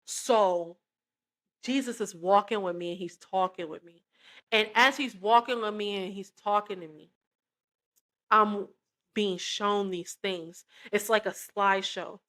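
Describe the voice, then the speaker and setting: A woman of ordinary, mid-range pitch recounts her personal faith story in loose, conversational storytelling. She speaks earnestly and with feeling, often turning to her listeners directly as if chatting with friends. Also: measured pace, fairly bright tone. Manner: emotional, earnest, addresses listeners as "y'all". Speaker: christian testimony vlogger. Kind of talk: personal testimony, casual storytelling.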